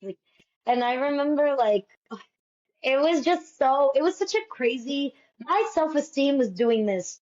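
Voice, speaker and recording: High-voiced animated woman storyteller. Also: a little slow. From United States. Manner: animated, fills speech with "like". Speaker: Broadway actress guest. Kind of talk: casual interview storytelling. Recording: dull lo-fi sound.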